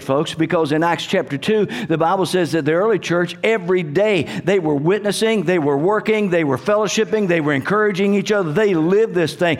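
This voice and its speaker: A middle-aged man preaching. His voice sits high for a man, and he drives his points home with fervent, rising calls. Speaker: pastor. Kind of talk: sermon.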